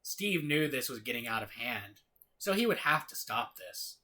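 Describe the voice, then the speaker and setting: A man's voice: mid-range voice, animated, unhurried, bright, forceful tone. A man hosting a casual comedic read-along of fan fiction, reading the narration evenly. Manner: reads narration evenly, laughs with friends.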